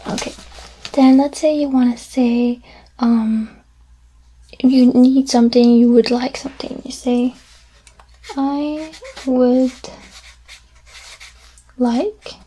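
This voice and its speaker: A woman in a whispered role-play as a French teacher, soft-spoken and patient, repeating each word slowly. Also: high voice, fairly even intonation, breathy edge.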